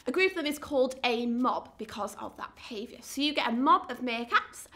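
A woman's voice: sits high, animated, brisk, a bit bright. A woman, working as a zoo educator and giving an upbeat, encouraging lesson to children at home.

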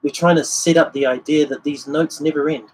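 A man's voice: a little high, steady tone, fairly quick, a little hiss or hum, rough recording. A man giving a casual livestream guitar lesson, explaining the technique and singing rhythms as syllables. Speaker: guitar teacher. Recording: guitar playing behind the voice.

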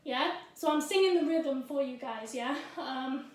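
A woman dance teacher with a high voice talks a routine through slowly and scats the rhythm in quick syllables, often asking "yeah?". She is a little out of breath. She is recorded far from the camera in a very echoey room. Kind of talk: dance tutorial with counting and rhythm vocalizing.

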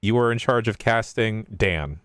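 An easygoing man hosts a casual hangout and keeps the conversation moving with questions. His voice is smooth and clean, at a middling pitch. It is recorded close and dry. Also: normal speed, fairly bright tone, no echo. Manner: easygoing, steering the chat with questions. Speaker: host. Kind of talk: casual hosting banter.

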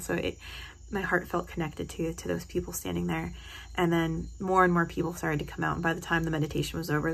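A woman's voice: fairly low pitch, gravelly, a bit bright, poor audio. A woman from New Jersey talking casually into her phone for a vlog, telling stories in a gushing, emotional way. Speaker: vlogger. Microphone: phone held close.

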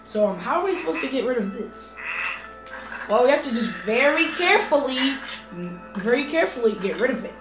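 A woman voicing every character in a game role-play story, hesitant and full of fillers, breaking into excited shouts. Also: high voice, fairly quick. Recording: roomy recording over game music.

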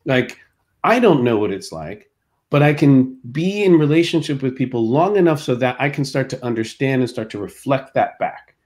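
A man's voice: medium pitch, lively intonation, normal speed, a little mellow. Thoughtful man guest explaining ideas. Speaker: guest, company co-founder. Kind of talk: casual interview.

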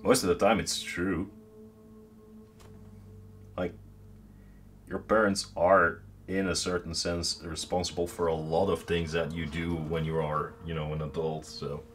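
A man's voice: low voice, level tone, a little slow, pauses often, fairly bright tone, slight background noise. A man chatting casually with his viewers during a painting stream, making dry sarcastic jokes. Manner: joking, dry sarcastic asides.

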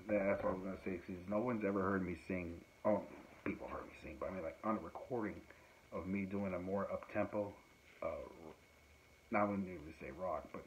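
A man, a musician, chatting casually and rambling with many fillers and laughs, recorded at home. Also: low-pitched. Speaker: musician and podcast host. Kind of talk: casual chat. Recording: dull lo-fi sound with faint noise.

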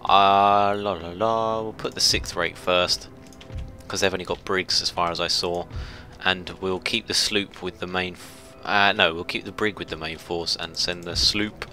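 A man giving chatty, self-mocking let's play commentary, shouting orders at his ships when excited. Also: low voice, measured pace, faint music behind. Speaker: gameplay commentator.

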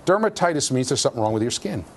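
Guy lecturing a class, pitch jumps all over, jokey, sudden yells, faint hiss behind. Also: racing. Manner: animated, jokey, sudden loud outbursts. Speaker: university lecturer. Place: lecture hall.

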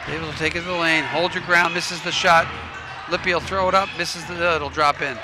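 A man doing play-by-play commentary for a high school basketball game. He calls quick plays and adds coaching asides. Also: steady tone. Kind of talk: local sports commentary. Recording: noisy gym ambience. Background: game crowd and ball bounces.

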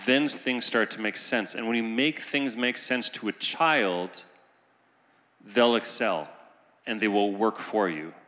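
Low bright-voiced guy making an earnest point on a panel, big echoey hall. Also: slow pace. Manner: earnest, building urgency. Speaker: panelist, teacher. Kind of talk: panel talk. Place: conference hall. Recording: reverberant hall.

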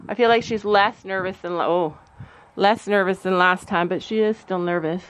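Young woman chatting to camera in a horse trailer, nervous, hushing her horse, faint noise behind. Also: mid-range voice, moderate pace, highs cut off. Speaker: vlogger. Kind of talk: casual vlog narration.

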